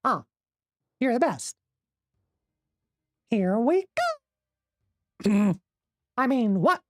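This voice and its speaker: A man streaming a card game while putting on a squeaky, high cartoon mouse voice and swearing in character. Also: big pitch swings, very slow, darkish tone, exaggerated voice. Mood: squeaky playful. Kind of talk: live game stream chat.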